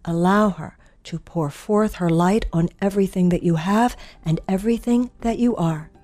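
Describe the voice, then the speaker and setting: A woman's voice: lowish voice, moderate pace, warm tone. A middle-aged woman giving an earnest inspirational radio talk, building her points through emphatic repetition and storytelling. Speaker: spiritual speaker giving a daily inspirational message.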